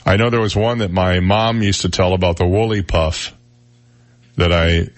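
A man's voice: deep voice, steady tone, normal speed, no room sound. A man hosting a radio talk show, chatting casually and telling jokes in a rambling, self-deprecating way. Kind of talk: casual on-air chat and joke telling. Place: radio studio.

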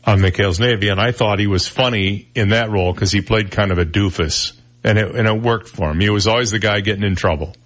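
A man's voice: on the low side, a little fast, hardly any pauses, fairly bright tone. A man hosting a radio talk show, chatting casually and reading news items with his own asides.

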